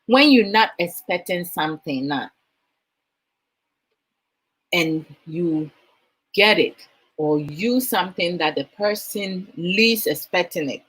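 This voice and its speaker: A woman's voice: fairly low pitch, fairly bright tone, poor audio. A woman with a Ghanaian accent, probably in her thirties, hosting a motivational talk. She asks her listeners questions as she talks and mixes in Twi phrases. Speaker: host.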